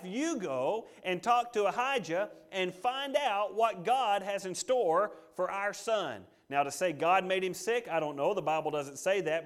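Male pastor, high voice, dramatic sermon storyteller. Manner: dramatic, acts out the story's quotes.

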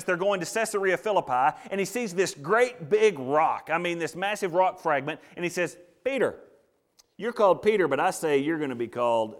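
A middle-aged man preaching a sermon, swinging from loud bursts to hushed asides and acting out the quotes he tells. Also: on the high side.

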